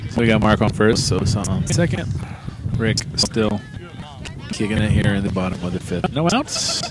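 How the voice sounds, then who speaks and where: A man's voice: on the low side, very animated, moderate pace, very noisy. A man giving casual, joking play-by-play of an amateur kickball game outdoors, swearing and telling stories. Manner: swearing, joking banter and storytelling. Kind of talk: casual play-by-play commentary with friends.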